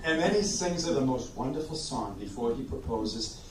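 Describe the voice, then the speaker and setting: Male sing-along host, jokey patter between songs, animated, roomy distant recording with instruments. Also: medium pitch, normal speed, loud music behind the voice. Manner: jokey, chatty, coaxes the audience to sing. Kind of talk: live oldies sing-along show with banter. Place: community room at a senior living residence.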